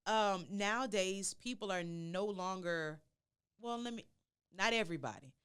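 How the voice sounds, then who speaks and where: A woman who works as an emcee and in radio, a guest chatting casually and affirming the host, with lively jumps in pitch. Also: unhurried, smooth. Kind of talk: casual chat.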